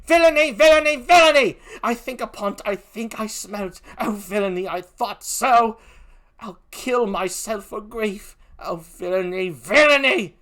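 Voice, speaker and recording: Loyal outspoken woman in a stage tragedy, bright and piercing, played by an older man. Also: fairly even intonation, slow. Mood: outraged. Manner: high, cries out in outrage. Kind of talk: one-man Shakespeare reading.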